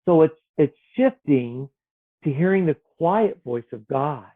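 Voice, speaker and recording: A man speaks gently and earnestly about faith, his fairly high voice rising and falling in lively swings. He sometimes acts out the voices in his head. The sound is thin and tinny, like a phone line. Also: slow pace. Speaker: author guest. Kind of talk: reflective spiritual conversation.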